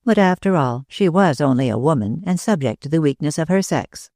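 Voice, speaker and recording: Audiobook narrator, measured, mid pitch, dry close recording. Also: expressive, a little mellow, no echo.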